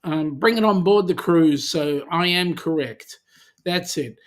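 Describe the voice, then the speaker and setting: A man's voice: fairly high pitch, a little slow. An Australian man hosting a charity channel livestream in a casual, chatty way, reading viewer comments aloud and answering them.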